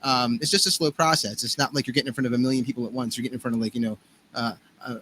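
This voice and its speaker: A man's voice: mid-range voice, steady tone, very fast, sharp tone, slight background noise. An American man, a guest musician, telling stories in casual podcast talk with many fillers and restarts. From United States. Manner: rambling, full of fillers and restarts.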